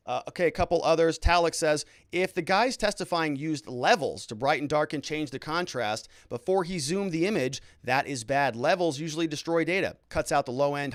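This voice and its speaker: A middle-aged man hosting a casual legal livestream, reading viewer comments aloud and reacting with quick, chatty asides. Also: medium pitch, no echo, clean studio sound. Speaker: lawyer host reading live chat comments.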